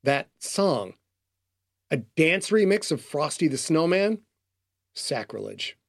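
A man's voice: a little high, big pitch swings, slow, gravelly. A man giving scripted audiobook narration in a dry, matter-of-fact way.

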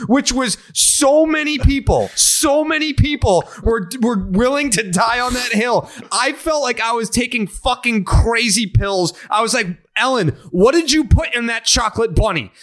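A man's voice: sits high, bright, forceful tone. A man hosting a sports podcast, ranting in a profane, emphatic way during casual chat. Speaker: podcast host.

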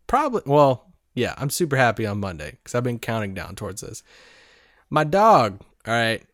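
Animated man telling a story on a podcast. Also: mid-range voice, moderate pace, no room sound, clean studio sound. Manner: animated storyteller, laughs often. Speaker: podcast co-host. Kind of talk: casual podcast chat.

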